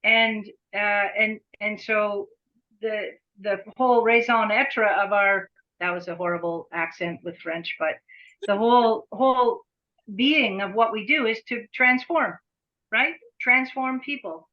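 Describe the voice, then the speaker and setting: A woman's voice: medium pitch, a little slow. A middle-aged woman leading an agency, talking earnestly as a podcast guest and often repeating words as she searches for them. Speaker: executive director, podcast guest. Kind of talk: reflective conversation. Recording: dull lo-fi sound.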